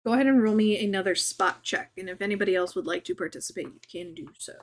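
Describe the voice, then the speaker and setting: A woman running a tabletop game as game master, chatty and relaxed, with lots of fillers. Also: mid-range voice, quick pace, a little hiss or hum.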